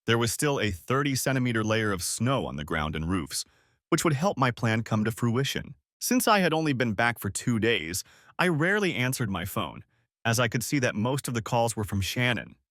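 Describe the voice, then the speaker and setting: A man narrates a first-person story in a steady, expressive reading voice, middle in pitch but moving up and down a lot. The recording is dry and close, with no room echo. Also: normal speed.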